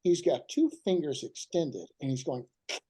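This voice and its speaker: Older male guest with a mellow voice and a lively delivery, telling heartfelt stories. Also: a little high, husky, poor audio. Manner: animated and emotional, slows down for emphasis. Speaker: guest writer. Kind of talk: heartfelt storytelling.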